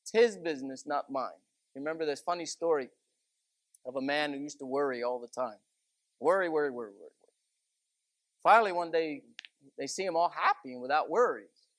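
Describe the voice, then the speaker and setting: A man's voice: a little high, brisk, long pauses, fairly bright tone, no echo. A man giving a chatty, conversational sermon full of stories and asides. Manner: folksy, chatty, many asides of "you know". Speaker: preacher.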